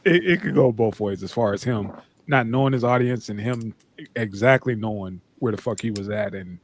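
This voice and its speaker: Easygoing, profane podcast co-host. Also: male voice, lowish voice, normal speed, slight background noise. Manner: loose, profane, agreeable back-and-forth. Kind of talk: casual podcast chat.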